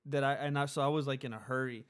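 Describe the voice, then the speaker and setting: A man co-hosting a podcast, telling a story in casual chat and acting out the people he quotes. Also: fast talker. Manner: animated storyteller, acts out quotes in a high voice; laughs often while telling. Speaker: podcast co-host.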